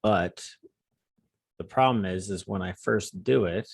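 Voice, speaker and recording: Man, gravelly, dry close sound, video call, informal, flustered. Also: low-pitched, unhurried, pauses often, no echo. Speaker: user asking a question. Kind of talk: casual call question.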